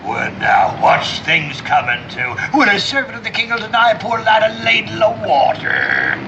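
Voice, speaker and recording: An actor playing a gruff, crafty old sea captain who talks in booming, theatrical sailor slang, in a 1960s television drama. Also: male voice, wildly swooping pitch, normal speed, background noise, full character voice. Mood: blustering. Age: older. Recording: dull old TV soundtrack with music.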